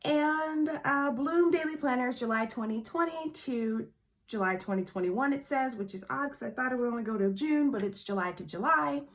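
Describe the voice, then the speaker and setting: A bubbly woman talks through an unboxing in a relaxed, chatty way. Her voice sits a little higher than most and jumps up when something excites her. She drifts from the mic now and then as she handles things. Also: moderate pace. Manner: bubbly and excitable, gushes over small surprises. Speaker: planner vlogger. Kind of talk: casual unboxing chat.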